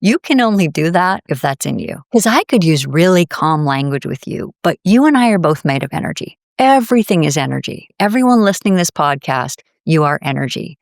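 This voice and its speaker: Low, gravelly-voiced woman explaining calmly. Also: moderate pace, few pauses, no echo, clean studio sound. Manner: calm, explanatory, acts out inner voices. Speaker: podcast guest, nervous system coach. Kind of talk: conversational podcast interview.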